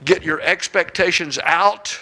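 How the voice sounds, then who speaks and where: A man's voice: high voice, a little slow, bright, forceful tone, low-quality recording. A middle-aged man preaching to a church, telling folksy, joking stories. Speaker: guest preacher. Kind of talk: humorous sermon storytelling.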